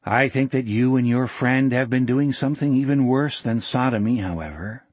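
A man voicing a smooth, falsely gentle preacher who speaks in a low, mellow, sanctimonious tone. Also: takes it slowly, no room sound, full character voice. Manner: calm, sanctimonious, quietly menacing.

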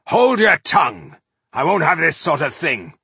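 A man voicing a gruff, boastful male dwarf warrior who talks in a blustering, commanding way. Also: on the low side, very animated, slow, sharp tone, no room sound, heavily acted. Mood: stern.

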